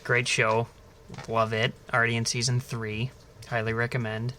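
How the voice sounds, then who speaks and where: A man's voice: medium pitch, moderate pace, a little hiss or hum. A man co-hosting a casual podcast, telling stories with lots of swearing and acted-out voices. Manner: animated storyteller, swears freely, acts out voices in anecdotes. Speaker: podcast co-host. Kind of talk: casual chat.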